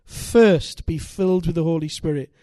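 Older preacher, emphatic and dry. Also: male voice, a little high, moderate pace, dry recording. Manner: animated, building to loud emphatic peaks. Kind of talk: sermon with storytelling.

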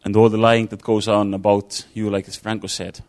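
A man's voice: fairly low pitch, little pitch movement, a little fast, darkish tone. A man giving an informal sermon, talking it through casually with fillers and restarts. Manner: conversational, thinking aloud with fillers and restarts. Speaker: preacher.

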